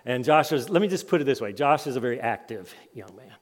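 A man in his fifties giving a conference sermon, telling personal stories with lively rises and drops in his voice. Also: mid-range voice, fast. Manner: lively storytelling, voice rising and dropping with the tale. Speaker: conference speaker. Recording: long hall reverb.

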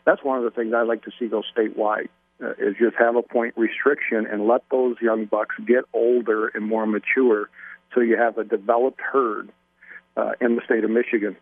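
A man who is a guest on a radio show, explaining deer at a measured pace with a folksy, casual manner and frequent ums. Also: mid-range voice, level tone, no echo. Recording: tinny phone line.

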